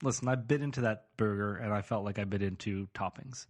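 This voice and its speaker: Low-voiced man, rambling self-mocking co-host. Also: fairly quick. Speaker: podcast co-host. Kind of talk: casual comedic chat.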